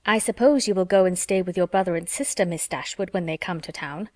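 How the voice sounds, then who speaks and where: A woman's voice: on the low side, a little fast, a little mellow, no room sound, close to an everyday voice. A woman reading as a sly, gushing young lady. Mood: insinuating. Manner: emphatic, over-sweet insistence.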